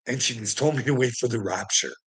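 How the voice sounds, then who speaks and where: A man's voice: medium pitch, fast talker, a bit bright, breathy edge. A man telling a rambling story to a friend in casual chat, swearing a lot and laughing often mid-sentence. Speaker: vlogger.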